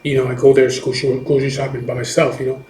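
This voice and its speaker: The voice is medium-pitched, fast, and darkish, with little pitch movement: a middle-aged biker, recovering from chemotherapy, casually recounting a personal story. He rambles profanely with plenty of restarts and "you know what I mean," in an echoey room.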